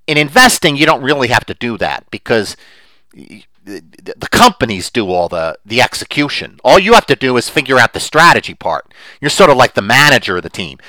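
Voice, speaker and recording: Animated, emphatic podcast host, bright voice. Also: male voice, medium pitch, dry recording, low-quality recording. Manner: animated and emphatic, gets worked up; rambling with restarts and asides. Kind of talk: opinionated solo podcast monologue.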